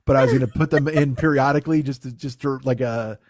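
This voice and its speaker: A man's voice: mid-range voice, steady tone, quick pace, dry recording, studio quality. A middle-aged man hosting a comedy podcast, talking in a profane, self-mocking way and acting out voices when he quotes people. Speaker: podcast host. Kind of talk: casual comedy podcast banter.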